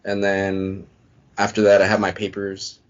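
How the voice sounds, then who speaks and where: A man's voice: sits low, completely flat delivery, measured pace. A man on a podcast as a guest, retelling his story in a casual, rambling way with lots of "I'm like" asides. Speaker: podcast guest, Marine veteran. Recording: dull lo-fi podcast audio.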